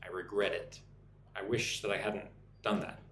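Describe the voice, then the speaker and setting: A young American man teaching English on a live stream, chatting with viewers and repeating phrases slowly for practice. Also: on the low side, little pitch movement, fairly bright tone. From United States. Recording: echoey room with faint noise.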